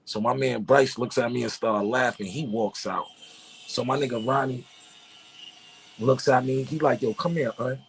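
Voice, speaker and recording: A man's voice: medium pitch, fairly even intonation, normal speed, vocal fry, pauses often, a little hiss or hum. A middle-aged man from Harlem, a guest rapper telling a laid-back, profane story. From Harlem, New York. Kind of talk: casual storytelling.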